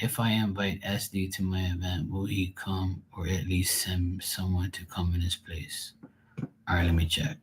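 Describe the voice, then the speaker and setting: A middle-aged Bermudian-accented man with a low voice, recorded with a little hiss or hum, reads tarot on a livestream. He rambles casually to viewers, swearing plenty and laughing often.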